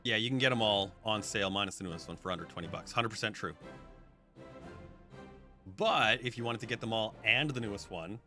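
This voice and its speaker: Low-voiced man streaming a game. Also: brisk, bright, forceful tone. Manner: chatty, talks to his chat while playing. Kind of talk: live gameplay commentary. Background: background music.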